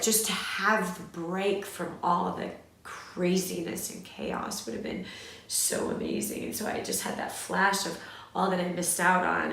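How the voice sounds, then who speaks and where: A middle-aged woman from Southern California, telling a personal story in a candid, animated way with fillers and restarts. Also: on the low side, creaky. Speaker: host. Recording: very echoey room.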